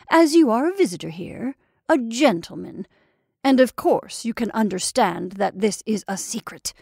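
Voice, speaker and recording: A woman's voice: a little high, creaky, darkish tone, no room sound, clean studio sound, exaggerated voice. A woman voicing a sly, wheedling male inn waiter who talks in a drawling, conspiratorial way and often drops to a whisper.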